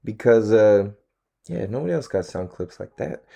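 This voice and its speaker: On camera from home, a young solo podcast host rambles loosely through a casual monologue full of slang, frequent swearing, and regular laughter. His voice is on the low side, warm and creaky, expressive, at a moderate pace.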